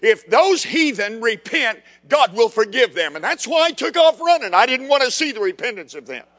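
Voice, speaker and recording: A resentful, self-pitying male prophet grumbles about a mercy he never wanted, as a preacher puts him on. The voice sits very high for a man, with a bright, forceful edge. It rings out with a long reverb tail, as if in a large hall. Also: very animated, normal speed, full character voice. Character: sulking angry male prophet.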